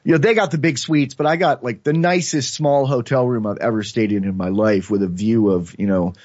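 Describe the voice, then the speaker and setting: A man's voice: mid-range voice, brisk, no room sound. A man, a filmmaker and podcast guest, telling a rambling story in casual chat and acting out quotes. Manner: rambling, animated, acts out quotes. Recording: dull lo-fi sound, dry.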